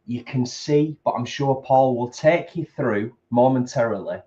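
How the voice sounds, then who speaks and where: A man, co-hosting a casual home live stream, affable and quick to agree. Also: medium pitch, warm tone, highs cut off. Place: home, at a table.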